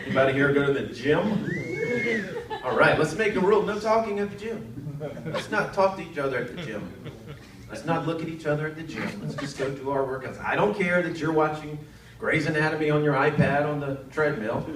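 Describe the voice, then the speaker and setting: A man in his thirties, originally from North Carolina, runs through self-deprecating stand-up on an arts center stage, jumping into quoted voices as people laugh. His voice leans high and his pace is brisk, with crowd noise around him. The recording is distant, echoey and full of hiss.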